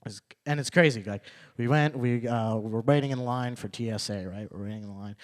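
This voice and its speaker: A young man performing a stand-up set at an open mic, repeating his punchlines and working up to loud, indignant rants. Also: medium pitch, a little fast. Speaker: stand-up comedian. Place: open mic comedy night venue.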